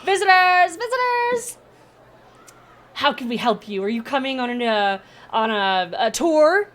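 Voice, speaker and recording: A woman voicing an eager, overworked male gnome scholar who talks excitedly and rambles. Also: a little slow, full character voice. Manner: excitable, rambling, high and loud.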